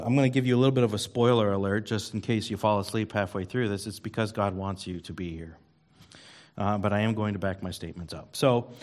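A man giving a casual, rambling sermon in a church, self-deprecating and full of ums and uhs. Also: on the low side. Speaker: lay preacher at church service. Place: church sanctuary.

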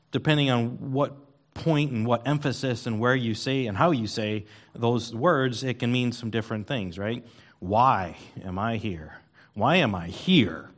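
A man giving a casual, rambling sermon in a church, self-deprecating and full of ums and uhs. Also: mid-range voice. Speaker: lay preacher at church service. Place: church sanctuary.

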